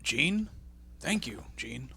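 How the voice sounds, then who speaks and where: A man's voice: medium pitch, very animated, slow, creaky, bright, forceful tone, husky. A man co-hosting a podcast, joking around, laughing often and breaking into mock outrage. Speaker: podcast co-host. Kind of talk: casual chat.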